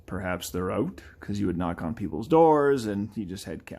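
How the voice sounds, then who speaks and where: A man's voice: lowish voice, very animated, unhurried, darkish tone. A man chatting casually and animatedly while drawing, often slipping into playful impressions of game characters. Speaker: artist streaming a live drawing session.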